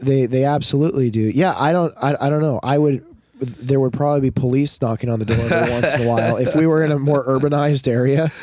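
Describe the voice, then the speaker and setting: A man's voice: medium pitch, fast talker, darkish tone. A man in his thirties on a podcast, telling a family story and acting out his kids' lines. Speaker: podcast co-host. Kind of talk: casual storytelling chat.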